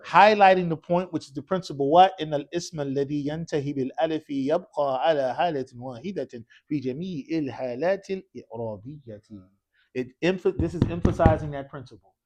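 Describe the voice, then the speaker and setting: A man's voice: a little high, rapid-fire, darkish tone. A man teaching an Arabic class in a mosque classroom, leading call-and-response drills and quizzing students with casual, encouraging prompts.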